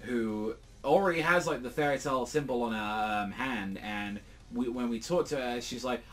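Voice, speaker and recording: Speaking at a moderate pace in a mid-range, fairly bright voice, a young man from Britain chats solo through a review of a manga chapter. He rambles, fills his talk with fillers and swearing, and acts out quotes in jumpy, exaggerated voices.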